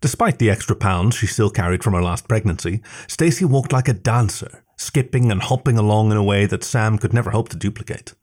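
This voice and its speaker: Man with a low voice reading a story. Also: fairly quick, few pauses, a little mellow. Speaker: story reader. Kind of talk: scripted narration.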